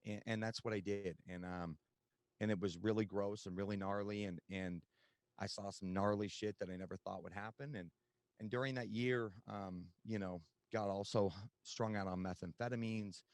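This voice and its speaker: Male guest, low voice, dry close sound, candid storyteller full of ums. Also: steady tone, moderate pace, no echo. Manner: candid, conversational storytelling with many fillers. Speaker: podcast guest. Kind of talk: personal recovery story.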